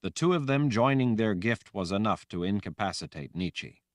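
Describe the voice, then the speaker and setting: A man reading a fantasy audiobook aloud in a dramatic, expressive way. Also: on the low side, normal speed, no echo, clean studio sound. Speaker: audiobook narrator. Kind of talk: scripted fantasy audiobook narration.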